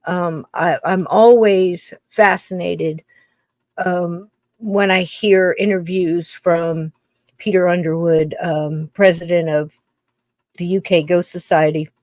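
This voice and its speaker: A woman's voice: lowish voice, steady tone, slow, darkish tone, dry recording. Older woman musing in a rambling way. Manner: musing, rambling with many restarts. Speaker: podcast host. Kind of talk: casual podcast monologue.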